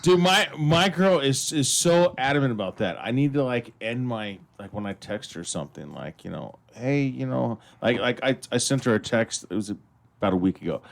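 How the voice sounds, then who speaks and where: A man's voice: mid-range voice, normal speed, gravelly. A man co-hosting a casual talk show, telling rambling stories with plenty of fillers. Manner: rambling, animated storytelling. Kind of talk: casual chat.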